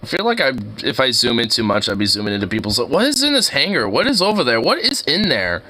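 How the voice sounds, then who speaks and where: A man giving casual, excitable commentary while browsing street view, slangy and laughing often. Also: medium pitch, fast. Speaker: streamer.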